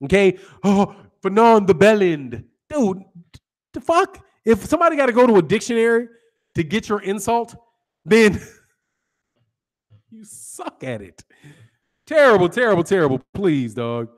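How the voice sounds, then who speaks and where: A man's voice: sits high, very animated, measured pace, pauses often. Laughing, profane American man ranting. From United States. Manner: profane, teasing, laughs often. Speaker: boxing channel host. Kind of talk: casual ranting commentary.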